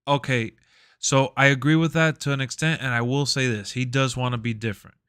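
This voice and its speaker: A man streaming live, chatting casually in a relaxed, rambling, slangy way into a close mic. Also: medium pitch, a little fast, clean tone, no room sound.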